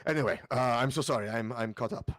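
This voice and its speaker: A man's voice: mid-range voice, fast, fairly bright tone, close to an everyday voice. A man playing an awkward, bookish male scholar of magic who speaks in formal, stilted sentences. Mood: fussy. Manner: formal, fussy, stilted phrasing.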